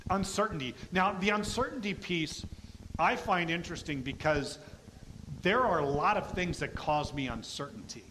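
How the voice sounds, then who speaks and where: A middle-aged man preaching a sermon in a lively, conversational way, often acting out quoted voices. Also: a little high, moderate pace, a little hiss or hum. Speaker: pastor.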